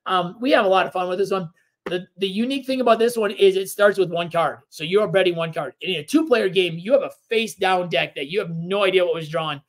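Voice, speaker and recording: Man, fairly high pitch, casual board game co-host, easygoing rambly explainer. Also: fast. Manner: relaxed, rambling explanations with fillers. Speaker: podcast co-host.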